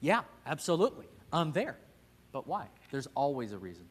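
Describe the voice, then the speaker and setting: A man's voice: medium pitch, big pitch swings, normal speed, husky. A man teaching a casual Sunday Bible class, joking and talking with the room and putting questions to the class. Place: church classroom.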